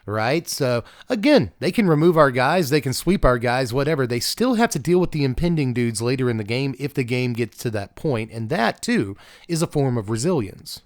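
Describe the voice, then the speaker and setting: A man's voice: medium pitch, lively intonation, normal speed, dry recording, studio quality. A man hosting a casual deck-tech video, chatty with offhand asides. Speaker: card game channel host.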